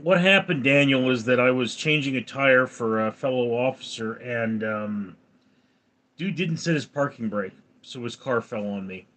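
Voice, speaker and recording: A man's voice: mid-range voice, normal speed, fairly bright tone. A man in his forties hosting a casual livestream, reading out viewer comments and answering them dryly. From California. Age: 40s. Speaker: livestream host reading chat.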